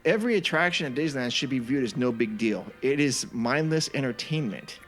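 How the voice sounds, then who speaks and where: A man's voice: mid-range voice, animated, fairly bright tone, faint music behind. A man co-hosting a podcast in casual chat, agreeable and a bit wry. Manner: agreeable, quick back-and-forth interjections. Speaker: podcast co-host.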